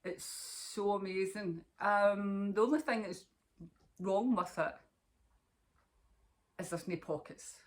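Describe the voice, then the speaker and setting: Filming on her phone at home, a woman hosts a knitting podcast, chatting casually to camera and rambling with gushing enthusiasm. Her medium-pitched voice is slow, with long pauses.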